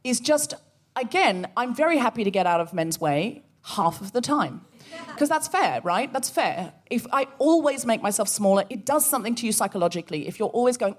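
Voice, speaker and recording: A woman co-hosting a comedy podcast, telling a story with animated energy and acting out the voices she quotes. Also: fairly high pitch, normal speed. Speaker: podcast co-host. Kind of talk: comic storytelling before a live audience.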